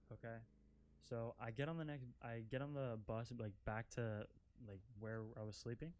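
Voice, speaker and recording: A man's voice: medium pitch, fairly even intonation, normal speed, a little mellow, smooth. A young man telling a casual storytime as a vlogger, rambling, swearing and leaning on "like" constantly, while out driving an off-road vehicle. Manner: rambling, profane, filler-heavy with constant "like".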